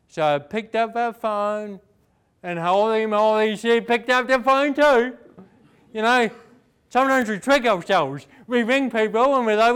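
A young man from New Zealand with a New Zealand accent, giving an energetic, fast-talking inspirational speech full of rhetorical questions. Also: sits high, clear, resonant tone. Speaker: inspirational speaker. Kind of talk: motivational speech.

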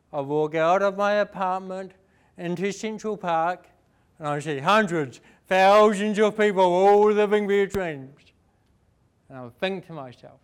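Fast-talking New Zealand motivational speaker man. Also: high-pitched, clean tone. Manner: fast-talking, energetic, rhetorical questions. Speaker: inspirational speaker. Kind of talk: motivational speech.

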